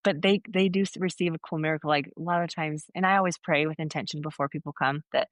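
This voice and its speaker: A woman's voice: low voice, fairly even intonation, quick pace, dry recording. A woman guest on a podcast, earnestly telling a rambling story and acting out bits of quoted dialogue in conversation. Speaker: foot zoner, podcast guest.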